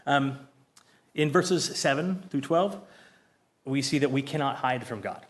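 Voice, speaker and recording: A man's voice: mid-range voice, normal speed, long pauses, a little hiss or hum. A man in his fifties leading a casual Bible study. He talks earnestly and from the heart, with plenty of fillers and restarts. He reads scripture aloud and puts questions to the group.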